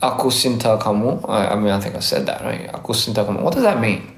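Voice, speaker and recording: A man talks loosely to his fans over a phone livestream, picking up their comments and answering them as he goes. His phrasing stumbles and repeats in a relaxed way. The room around him rings with a noticeable echo, and a faint hum sits underneath. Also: lowish voice. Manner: reads and answers viewer comments, halting with repeated words. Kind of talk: casual livestream chat. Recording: echoey room, faint ambience.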